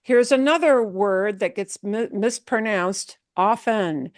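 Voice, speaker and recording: Woman teaching beginners, patient, keeps asking okay?, dry close sound. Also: mid-range voice. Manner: patient, repeats words slowly for students to echo; checks in often with "okay?". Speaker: Spanish teacher. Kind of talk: beginner language class.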